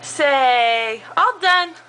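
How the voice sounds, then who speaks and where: A woman's voice: sits high, lively intonation, extremely slow, background noise. A mother in a home video, coaxing her toddlers to repeat words in a sing-song, prompting way.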